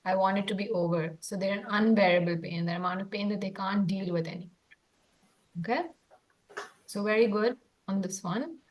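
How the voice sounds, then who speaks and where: A woman's voice: mid-range voice, a little fast. A woman leading a training session who explains points, checks that people follow, and calls on trainees by name. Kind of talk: teaching and guiding discussion.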